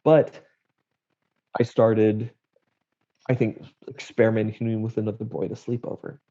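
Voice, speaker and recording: Young man, gravelly and dark-toned, wry candid storyteller, dull lo-fi recording. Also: fairly low pitch, flat delivery, unhurried. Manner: wry, blunt, acts out family quotes. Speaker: guest sharing his story. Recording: dull lo-fi audio.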